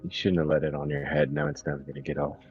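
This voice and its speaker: A man's voice: a bass voice, racing, breathy edge, lo-fi sound, soft background music. A man playing a tabletop game, joking and laughing in a casual chat. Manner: jokey, laughing, lively. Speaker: player.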